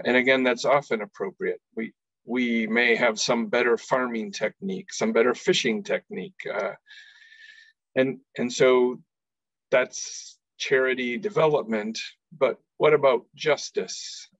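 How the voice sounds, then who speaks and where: A man's voice: medium pitch, dry recording. A man giving an earnest faith-based talk as an organization leader, often repeating words as he starts a phrase. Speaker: executive director giving a talk. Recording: dull lo-fi recording.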